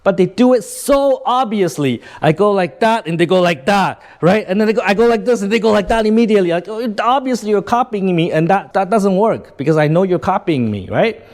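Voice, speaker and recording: A man's voice: high voice, expressive, brisk, few pauses, a little mellow. Man coaching, tags "right?" constantly. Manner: keeps checking in with "right?", demonstrates with gestures; plain-spoken, swears casually. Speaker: sales and communication coach. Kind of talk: casual teaching to camera.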